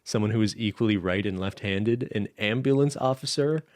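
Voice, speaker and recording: A young man co-hosting a podcast, chatting casually in a relaxed, rambling way and laughing often. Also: lowish voice, brisk, dry recording, clean studio sound. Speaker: podcast co-host. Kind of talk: casual chat.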